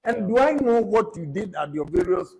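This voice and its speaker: A man's voice: high-pitched, lively intonation, moderate pace, creaky, mellow, poor audio. A man with a Ghanaian accent giving an emphatic campaign speech as a politician, insisting on his points and repeating them for effect.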